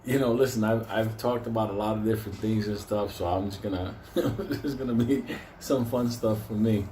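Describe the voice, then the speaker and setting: Swearing, rambling male vlogger, deep voice. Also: fairly even intonation, normal speed, warm tone, a little hiss or hum. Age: older. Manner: swears constantly, rambling, laughs often. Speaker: stock market video host. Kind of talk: profane casual monologue to viewers.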